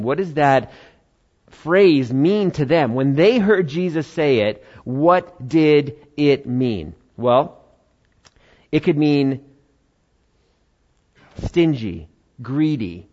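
An American man preaching a sermon in a conversational style, with quick quoted asides. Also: a little high, a little mellow, breathy edge, highs cut off. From United States. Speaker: pastor.

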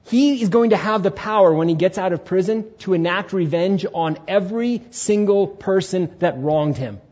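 A man preaching a Sunday sermon as pastor, animated, acting out inner voices and asking the congregation questions. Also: high voice, moderate pace, dull audio. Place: church sanctuary.

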